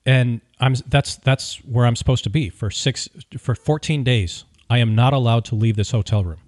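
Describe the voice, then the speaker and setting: Speaking at an ordinary pace, this male podcast host spins a casual tale full of wry opinions and keeps the energy up. His pitch sits in the middle, and the audio is dry and close-miked, free of echo or room sound.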